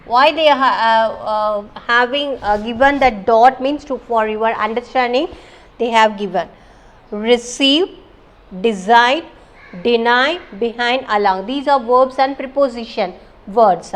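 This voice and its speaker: A woman teaching English with an Indian English accent. Her voice sits a little high and she takes her time, explaining step by step. She repeats example words so students can follow. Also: slow. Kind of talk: classroom lesson.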